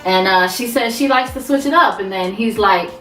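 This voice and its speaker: A woman's voice: mid-range voice, normal speed, distant mic. Profane woman recapping a TV show. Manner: profane, animated, talks back to characters. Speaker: TV recap vlogger. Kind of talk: casual recap with quoted voices. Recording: roomy sound, away from mic.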